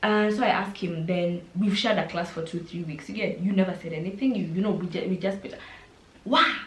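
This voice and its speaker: A young Kenyan woman with a Kenyan accent, telling a casual storytime vlog and acting out the quotes with lively switches into Swahili slang. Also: on the low side, a little fast. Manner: animated, mixes in Swahili and slang, acts out quotes. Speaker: vlogger. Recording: roomy echo.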